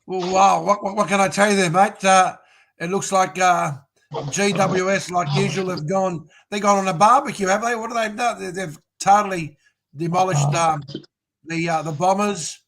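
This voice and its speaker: A man's voice: high voice, fairly even intonation, normal speed, creaky, fairly bright tone, slight background noise, poor audio. An Australian man chatting on a sports podcast, rambling with crude jokes. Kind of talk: casual sports podcast chat.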